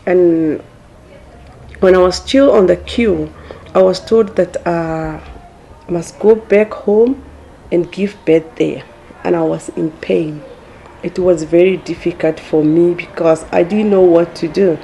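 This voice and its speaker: A woman's voice: on the low side, vocal fry, warm tone, a little hiss or hum. A woman telling her experience in a documentary interview, hesitating often as she speaks. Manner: hesitant, many pauses with "uh".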